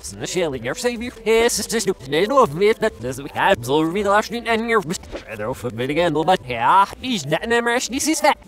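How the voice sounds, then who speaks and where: Excitable high-voiced gamer man. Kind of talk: excited gaming chatter.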